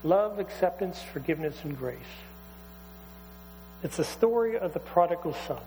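High-voiced preacher telling a story. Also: male voice, moderate pace. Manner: conversational, animated retelling. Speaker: pastor. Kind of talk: sermon storytelling. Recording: hall reverb, faint mains hum.

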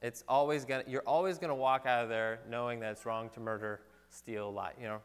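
A man's voice: mid-range voice, fairly even intonation, a little fast, clear, resonant tone. Man preaching in a reverberant hall. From California, USA. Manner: earnest, conversational preaching with jokes and restarts. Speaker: pastor. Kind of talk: sermon. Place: church sanctuary.

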